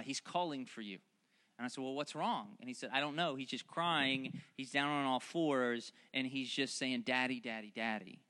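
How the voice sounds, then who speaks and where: A man's voice: on the high side, bright, forceful tone. A man, preaching a sermon that mixes joking family stories with fervent, repeated calls to the congregation. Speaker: pastor.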